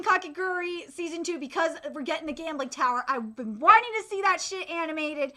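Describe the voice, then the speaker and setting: A young woman hosting a casual anime and manga update vlog, gushing and excitable, swearing freely, full of fillers and restarts. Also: extremely high pitch, fast, hardly any pauses. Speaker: channel host.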